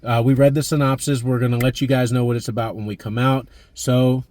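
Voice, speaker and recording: A man's voice: medium pitch, level tone, a little fast, a little mellow. A man in his thirties chatting enthusiastically about a movie as a vlog host, with plenty of fillers. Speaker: movie review vlogger. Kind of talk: casual chat.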